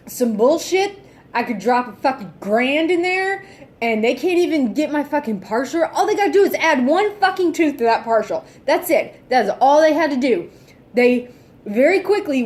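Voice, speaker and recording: A woman's voice: on the high side, a little mellow. Fed-up, foul-mouthed woman venting. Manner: exasperated, heavily profane, sighing. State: fed up and irritable. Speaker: vlogger. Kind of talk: casual ranting vlog.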